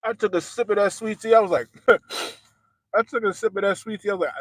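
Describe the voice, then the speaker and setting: A man's voice: high-pitched, fairly even intonation, fast, long pauses, dry recording. A man hosting a livestream in a loose, slangy way, talking directly to the people watching. His voice is close and dry, with no room sound around it. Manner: loose, slangy, talks straight to viewers. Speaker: livestream host. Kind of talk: casual livestream chat.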